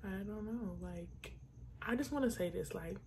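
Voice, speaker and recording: A woman's voice: medium pitch, measured pace, darkish tone, slight background noise. A young woman hosting a makeup tutorial, chatting casually and enthusiastically to viewers, peppering her talk with "like" and the odd swear. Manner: enthusiastic, talks straight to viewers.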